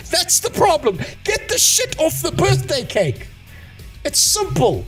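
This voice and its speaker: A man's voice: extremely high pitch, huge pitch swings, slow pace, fairly bright tone, soft background music. Sweary ranting male streamer. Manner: profane, sarcastic, ranting. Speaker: streamer reviewing a game. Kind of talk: casual live-stream rant.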